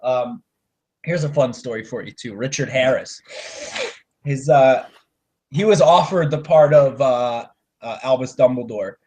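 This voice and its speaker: A young man co-hosting a casual movie podcast, ranting and swearing as his volume swings from loud to mumbled. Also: medium pitch, a little slow, pauses often. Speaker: podcast co-host.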